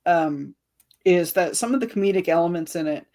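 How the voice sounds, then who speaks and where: Woman, author, casual chat, lower voice, dry humor, laughs a lot. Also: normal speed, dark tone.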